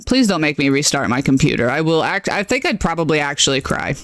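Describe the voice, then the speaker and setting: Woman game streamer, nasal, lively pitch swings, joking and fed up with her gear, dry close sound. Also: quick pace, dry recording. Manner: animated, self-deprecating, exasperated at tech trouble. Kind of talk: casual live-stream chat while gaming.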